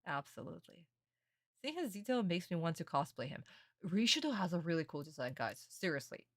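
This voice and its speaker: A young woman with a fairly low voice, talking casually and excitedly as a streamer. She laughs often and swears freely, recorded dry and close. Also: fairly quick, no room sound. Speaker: streamer reacting to an anime. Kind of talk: casual reaction commentary.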